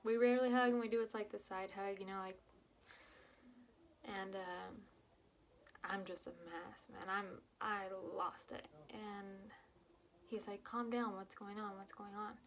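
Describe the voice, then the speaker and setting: A young woman telling her own painful story to camera, halting and emotional, with many fillers and restarts, dropping to a whisper at the hardest parts. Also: medium pitch, fairly even intonation, a little hiss or hum. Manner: drops to whispers at painful moments.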